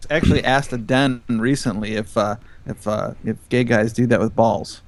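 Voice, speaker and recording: A man's voice: mid-range voice, steady tone, moderate pace. A man hosting a casual podcast interview, easygoing and asking rambling questions. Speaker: podcast host.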